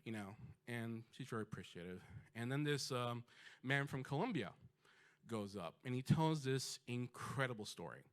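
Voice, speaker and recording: A man telling a personal story on stage, conversational and lively, with many ums and you-knows. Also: mid-range voice, moderate pace. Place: storytelling stage before an audience.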